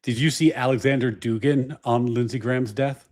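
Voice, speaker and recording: A man's voice: medium pitch, steady tone, normal speed, a little mellow. A man co-hosting a podcast in casual chat, with dry, wry remarks.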